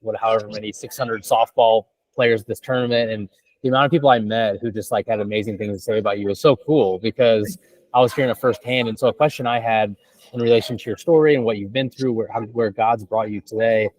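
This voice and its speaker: A man's voice: fairly low pitch, fairly even intonation, fast talker, a little mellow, low-quality recording. A man co-hosting a video call, asking a long, rambling question with enthusiasm. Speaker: co-host.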